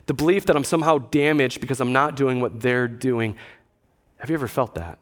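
A man's voice: medium pitch, a little fast. A man pastor preaching a conversational sermon, with dry asides and quotes he acts out.

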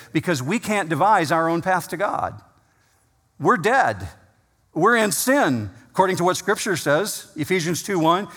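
A man preaching a sermon as pastor, emphatic, slowing down and rising in pitch on key words. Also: a bit bright. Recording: long reverb of a large hall.

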